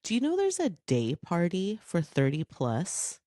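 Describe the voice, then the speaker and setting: Hoarse, raspy woman with a low voice. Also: no room sound, studio quality. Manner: animated, chatty, quick to laugh. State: hoarse from coughing. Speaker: podcast co-host. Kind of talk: casual chat.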